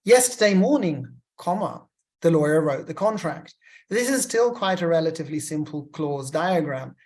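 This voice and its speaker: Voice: mid-range voice, animated, normal speed, a little mellow. A lecturer teaching legal writing, reading example sentences aloud and naming each punctuation mark, with chatty asides to students. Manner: explains step by step, reads examples aloud with punctuation.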